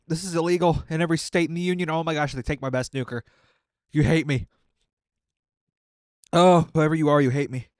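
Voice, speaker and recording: Speaking at a fairly high pitch with fairly even intonation, a man delivers casual gameplay commentary fairly quickly, with long pauses. He's a gaming content creator eating painfully spicy wings on stream, sweating, teary, groaning in exasperation and talking through the suffering. The tone is clean, studio quality, with no room sound.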